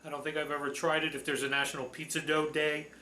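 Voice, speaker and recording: A man's voice: a little high, level tone, fast talker, sharp tone, a little hiss or hum. Chatty man demoing a recipe in an echoey kitchen. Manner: chatty, folksy, enthusiastic about food. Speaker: cooking show host. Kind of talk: casual cooking demonstration.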